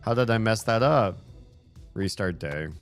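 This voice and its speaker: A young man casually commenting while playing a video game, thinking aloud in low mumbled asides. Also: expressive, a little slow, clear, resonant tone, soft background music. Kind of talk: let's play commentary.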